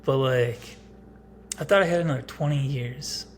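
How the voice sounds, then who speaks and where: A man's voice: medium pitch, normal speed, slight background noise. Rambling, blunt man in his thirties. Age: 30s. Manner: rambling, blunt, heavy on filler words. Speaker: vlogger. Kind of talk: casual personal vlog.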